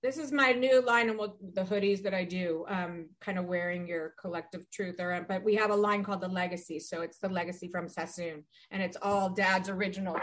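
A woman in her forties, a podcast guest chatting casually and telling rambling, animated stories with many restarts. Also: lowish voice, brisk, few pauses. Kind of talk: casual chat.

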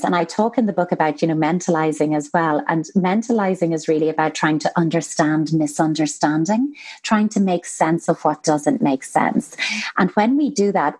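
A woman, a psychotherapist guest explaining her ideas in a lively, animated way on a podcast. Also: low-pitched, moderate pace. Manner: animated, mimics voices when quoting. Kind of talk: expert conversation on a podcast.

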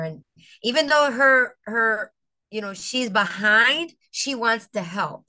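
Middle-aged teacher lady telling a story, bright voice, acts out her students, gets teary. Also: medium pitch, a little slow. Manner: animated, acts out quotes, tearful at times. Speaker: veteran teacher, guest. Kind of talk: emotional personal storytelling.

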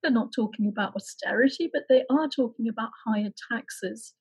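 Woman host with a higher, breathy voice. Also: rough recording. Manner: measured, framing long questions. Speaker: interview host. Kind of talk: interview questioning.

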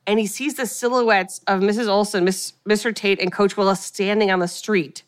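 A woman in her thirties co-hosting a podcast, animatedly retelling a film's plot in casual chat and dropping into quick character voices. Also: mid-range voice, fairly even intonation, no echo, clean studio sound. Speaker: podcast co-host recapping a film.

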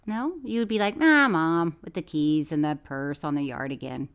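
A woman co-hosting a podcast, chatting in an animated, incredulous and teasing way. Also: sits low, normal speed, clean tone. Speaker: podcast co-host. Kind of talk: casual chat.

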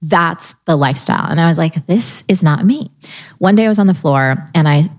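Animated middle-aged woman telling her story. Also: low-pitched, quick pace. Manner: animated, acts out her own inner voice and quotes. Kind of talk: casual storytelling in conversation.

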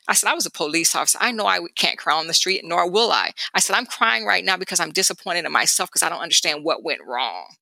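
Woman guest, animated storyteller, bright edgy tone, dry close mic. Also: fairly low pitch, quick pace, gravelly, no echo. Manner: animated, acts out quoted people while telling a story. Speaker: guest, former DEA agent. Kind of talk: conversational storytelling.

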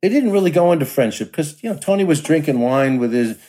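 A man's voice: a little high, expressive, fast, mellow. A man on a podcast panel giving frank, wry commentary in casual talk. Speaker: guest, son of an actor.

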